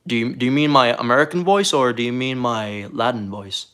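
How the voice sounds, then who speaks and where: Man from Puerto Rico, live streamer, earnest and defensive, mid-pitched, stumbling restarts. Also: fairly bright tone, clean tone. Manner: rambling, halting, repeats words. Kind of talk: casual live-stream chat.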